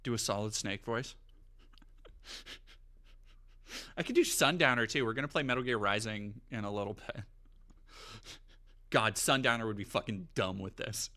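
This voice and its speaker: A man's voice: fairly low pitch, unhurried, pauses often. A man streaming casually, riffing and swearing in a jokey way and reading text aloud with mock drama. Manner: animated, profane, jokey riffing. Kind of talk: casual livestream commentary.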